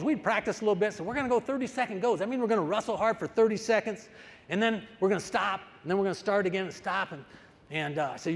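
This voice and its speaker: A man's voice: high voice, quick pace. An older man, a wrestling coach, giving a storytelling speech and acting out the dialogue with energy. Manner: animated, acts out the dialogue. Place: large conference hall. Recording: reverberant hall.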